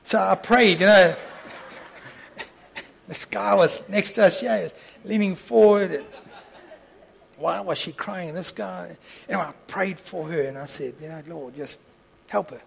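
High, gravelly-voiced male preacher. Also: measured pace, long pauses, low-quality recording. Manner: lively storyteller, swings from soft asides to loud impassioned peaks; acts out dialogue in the story. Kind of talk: storytelling sermon.

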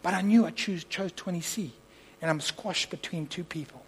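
A man preaching, telling a story and acting out its dialogue, moving between soft asides and loud impassioned peaks. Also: sits high, normal speed, slightly rough, rough recording. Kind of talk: storytelling sermon.

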